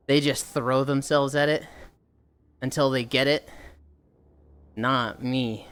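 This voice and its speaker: A woman's voice: low-pitched, smooth. A woman livestreamer chatting casually with her viewers, rambling, sighing often and swearing offhandedly.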